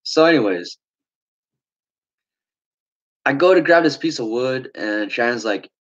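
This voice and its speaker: A young man rambles through a personal story, swearing freely and looping back with "anyways" and "like". His mid-pitched voice comes through a dull, lo-fi recording. He talks loosely and casually. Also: animated, slow pace. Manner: rambling, swearing, frequent fillers.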